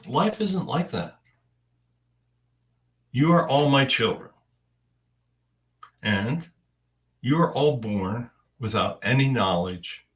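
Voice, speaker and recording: A man with a fairly low voice delivers a first-person spiritual message at a very slow, unhurried pace. He speaks in deliberate, halting phrases with long pauses between them. The recording picks him up a bit far from the mic. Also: fairly bright tone.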